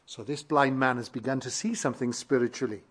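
A man preaching a sermon, emphatic and fervent, building repeated phrases in a measured cadence. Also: medium pitch, breathy edge. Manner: fervent, emphatic, swells louder on key phrases.

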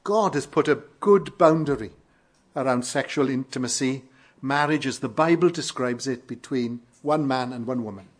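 A man from Wales with a Welsh accent, preaching an earnest sermon with emphatic rises and quiet falls. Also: medium pitch, normal speed. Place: church in London.

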